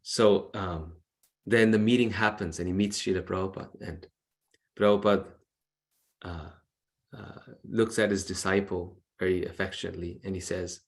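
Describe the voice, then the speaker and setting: A man's voice: deep voice, fairly even intonation, normal speed. Male devotional lecturer, earnest storyteller, video call audio. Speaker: devotional class speaker.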